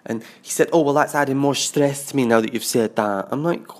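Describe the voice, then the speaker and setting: A man's voice: medium pitch, fairly quick. Confessional man with a sweary diary. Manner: expressive, swears freely, mimics sounds and voices. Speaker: diarist. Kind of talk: confessional audio diary monologue.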